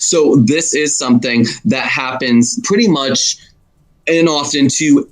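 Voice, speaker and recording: A man's voice: mid-range voice, a little slow, a loud crowd, rough recording. A man in a casual political discussion, talking in a rambling way and often correcting himself mid-sentence.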